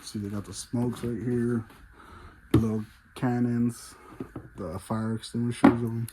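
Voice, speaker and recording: A man's voice: medium pitch, flat delivery, unhurried, background noise. A man vlogging casually as he walks through a large store, out of breath and chatting with enthusiasm. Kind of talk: casual walk-through vlog. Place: large fireworks store, indoors.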